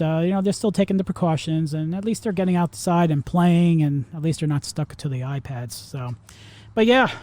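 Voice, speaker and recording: This high voice carries a darkish tone. It belongs to a podcast host from Florida in his forties, whose casual, rambling monologue is packed with fillers and restarts.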